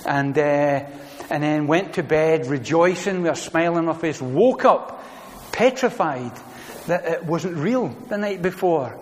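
A middle-aged man preaching a sermon, earnest, building to loud emphatic declarations with repeated phrases. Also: fairly high pitch, expressive, a little slow. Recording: long reverb of a church hall.

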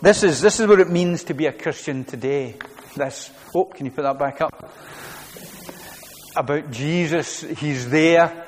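A man's voice: on the high side, a little slow, in a large hall. A man preaching a sermon to his congregation, earnest and repeating his phrases as he goes. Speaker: pastor.

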